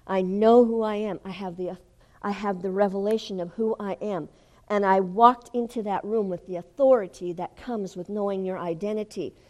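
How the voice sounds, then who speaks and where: An older woman preaching a testimony sermon in a fervent way, rising to loud declarations. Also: mid-range voice, fairly even intonation, moderate pace. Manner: fervent, rises to shouting when retelling.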